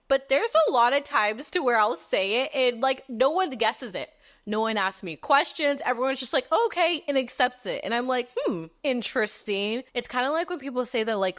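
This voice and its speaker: A woman in her twenties hosting a podcast, telling personal stories in a candid, profane, animated way. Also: mid-range voice. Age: 20s. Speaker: podcast host. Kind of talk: casual storytelling monologue.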